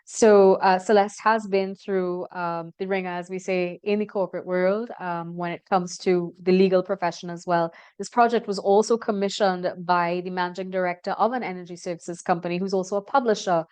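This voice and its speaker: Smooth-voiced woman host. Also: lowish voice, steady tone, a little mellow. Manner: measured, encouraging interviewer. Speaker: interview host. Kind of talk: broadcast interview.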